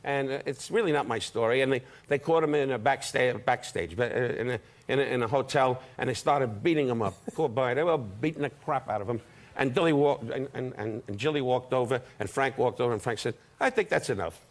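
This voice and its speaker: An older man, a guest comedian trading needling insult-comedy banter in a television studio. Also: medium pitch. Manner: brash, needling, rapid-fire put-downs. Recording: studio audience laughter, noisy broadcast.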